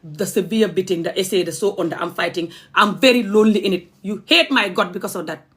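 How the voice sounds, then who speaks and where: A woman's voice: mid-range voice, fast talker, a bit bright. A young adult woman from the Gambia, ranting angrily on a livestream. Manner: impassioned, angry, confrontational. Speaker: vlogger. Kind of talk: livestream rant.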